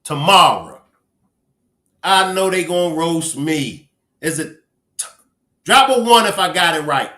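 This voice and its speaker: Baltimore guy chatting on a livestream, joking around, slow talker, lively up and down pitch. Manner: playful, joking, reads viewer names aloud. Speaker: livestream host. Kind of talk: casual live-stream chat. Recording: roomy echo.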